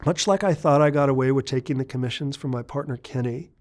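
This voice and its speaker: A man in his forties talks through his past in a sit-down interview, earnest and confessional. His voice sits at an ordinary middle pitch, and he stumbles into restarts when the story gets hard. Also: fast, a little mellow. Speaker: interview guest.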